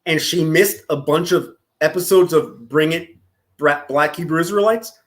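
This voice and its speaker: A man's voice: on the high side, moderate pace. A man streaming casual reaction commentary, profane and mocking, often breaking into laughter.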